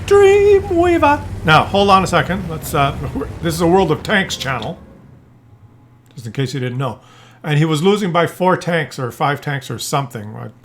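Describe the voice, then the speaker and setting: A man's voice: fairly high pitch, lively intonation, moderate pace, a bit bright, slight background noise. A man giving casual gameplay commentary, rambling and joking as he drifts off topic. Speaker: gaming commentator.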